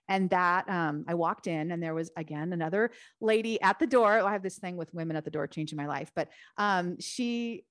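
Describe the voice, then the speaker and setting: A woman guest on a podcast, telling her own story in a chatty, animated way and sometimes acting out other people's voices. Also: fairly low pitch, normal speed, few pauses, no echo, clean studio sound. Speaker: podcast guest, author and Bible teacher. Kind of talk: casual storytelling.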